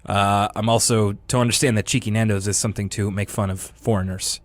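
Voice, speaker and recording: A man's voice: on the low side, steady tone, fairly quick, dry recording. A man in his thirties from Canada co-hosting a podcast, chatting casually with dry, self-mocking humor. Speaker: podcast co-host. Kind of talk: casual chat.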